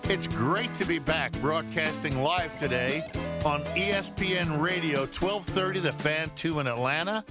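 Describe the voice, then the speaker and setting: A man's voice: on the high side, a little slow, loud music behind the voice. A man hosting a live radio talk show from a studio, upbeat and joking as he banters with his co-host. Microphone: studio microphone.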